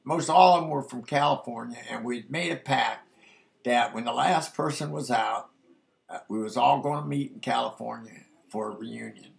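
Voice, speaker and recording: Gravelly older man spinning a yarn. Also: medium pitch, normal speed. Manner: rambling, folksy, peppers speech with "man". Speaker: storyteller. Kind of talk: casual spoken memoir.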